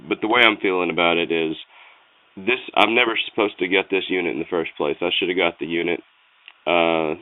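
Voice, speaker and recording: A man's voice: low-pitched, fairly even intonation, a little fast, no echo. A man calling customer support, frustrated and persistent, pressing for a straight answer. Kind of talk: phone call. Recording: tinny phone line.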